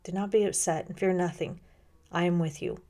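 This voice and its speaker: A woman reading as gentle reassuring Jesus. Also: on the low side, steady tone, brisk, natural voice. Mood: kind. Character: Jesus, calm kind gentle man. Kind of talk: devotional reading aloud.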